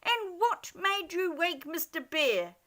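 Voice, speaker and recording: A tired, cross little male dormouse from a storybook, squeaking high and scolding at full volume, played by a woman reading aloud. His voice is bright and sharp, and it jumps all over the place as he tells everyone off. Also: big pitch swings, slow, full character voice. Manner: scolding, shouting.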